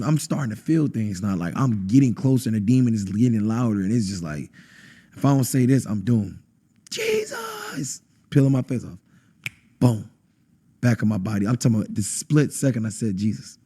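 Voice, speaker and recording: A man, a podcast guest telling an intense personal testimony and acting out quotes with sudden high bursts. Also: dark tone, slightly rough. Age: adult, has a wife. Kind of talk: emotional testimony in conversation.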